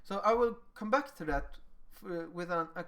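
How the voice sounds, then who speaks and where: A man with a Swedish accent giving a lecture on teaching, animated and acting out little dialogues with children. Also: high-pitched, normal speed.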